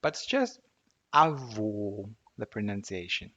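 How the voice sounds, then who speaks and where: A man teaches pronunciation in a relaxed, chatty video lesson, drawing out each vowel slowly so viewers can copy it. His voice sits at an ordinary middle pitch, and the recording sounds a little dull and lo-fi. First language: Portuguese. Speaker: language teacher.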